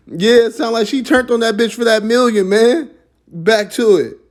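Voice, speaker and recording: A man, the channel host, cutting in with loud, slangy asides, farther off the mic. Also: sits high.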